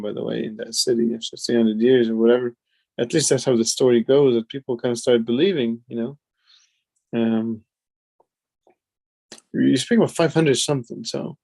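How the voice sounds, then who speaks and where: A man's voice: mid-range voice, vocal fry, warm tone. A man teaching as a sheikh, explaining scripture in a loose, conversational way full of "you know" and "like". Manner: retells scenes with quick quoted dialogue. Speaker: sheikh teaching Quran commentary. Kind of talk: casual explanatory lesson.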